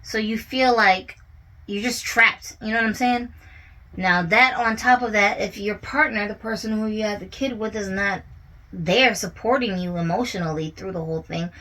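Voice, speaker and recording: A woman's voice: medium pitch, normal speed, pushed and bright, rough recording. A woman giving a casual commentary monologue about relationships, talking conversationally and often checking in with her listener. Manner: conversational, often asks "you know what I'm saying?".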